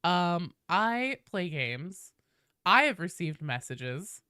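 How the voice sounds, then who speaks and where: A woman streaming live while sick with a cold, chatting casually and shouting loud, profane greetings to her viewers. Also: fairly low pitch, very animated, takes it slowly, smooth, no room sound, clean studio sound.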